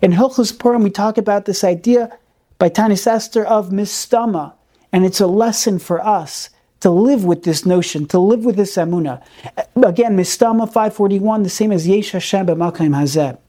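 A man's voice: sits high, normal speed, dark tone. A man teaching a recorded Torah class in an earnest, emphatic way, repeating key words for stress and peppering his speech with Hebrew terms.

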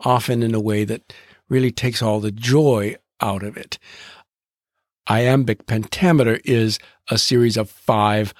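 A man hosting a podcast, narrating in a deliberate way and drawing out rhythms as he explains them. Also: mid-range voice, dry recording, clean studio sound. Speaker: podcast host.

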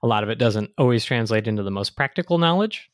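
A man's voice: medium pitch, expressive, fast, no echo, clean studio sound. Chatty man hosting a podcast. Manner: thoughtful, chatty, explains medical matters. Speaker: podcast host. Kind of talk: casual chat.

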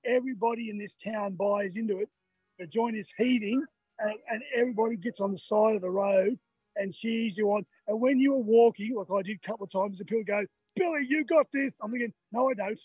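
An older Australian man, a marathon runner, chats to radio hosts by phone from outdoors near the finish line. He sounds tired after the race, laughs a lot, and acts out what the crowd shouted at him. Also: high voice, fairly even intonation, brisk, slightly rough, dry recording, soft background music. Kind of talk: casual chat on a live radio call. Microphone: phone on a video call.

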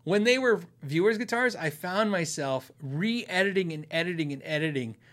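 A man's voice: on the high side, animated, normal speed, a bit bright. A middle-aged man from Arizona hosting a guitar channel, chatting casually and rambling through viewer questions, often laughing and restarting his sentences. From Arizona, USA. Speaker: host of a guitar channel and podcast. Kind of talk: casual chat answering viewers.

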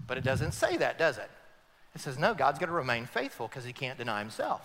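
A man, a pastor, preaching a sermon emphatically, swinging between loud climaxes and hushed passages. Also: medium pitch, very animated, brisk, in a large hall.

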